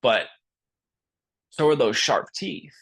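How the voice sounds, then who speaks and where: A man's voice: medium pitch, animated, slow, gravelly, fairly bright tone, slightly rough, full character voice. A man voicing a small male scout rat who is frightened and wary, speaking in a pleading way. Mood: skeptical.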